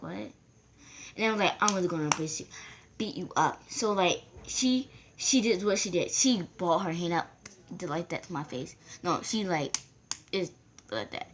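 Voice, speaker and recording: A woman vlogger rambling through a casual storytime, acting out the voices of the people in it. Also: lowish voice. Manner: rambling, acts out quoted voices.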